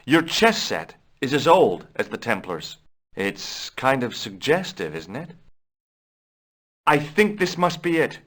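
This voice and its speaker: A man's voice: medium pitch, sing-song, slow pace, fairly bright tone, full character voice. An actor voicing a curious young adventurer in a video game, asking questions in a casual, dry way and narrating his story. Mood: inquisitive.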